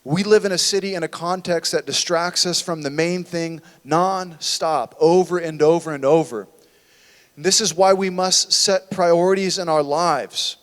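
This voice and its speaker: A man's voice: high voice, big-room sound. A man preaching a sermon as a church pastor, conversational and full of rhetorical questions. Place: church sanctuary.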